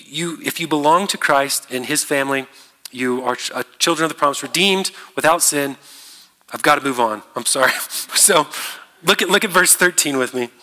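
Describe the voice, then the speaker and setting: A man preaching a sermon as a pastor, in a conversational, halting way with many fillers and restarts. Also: a little high, sharp tone. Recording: long reverb of a large hall.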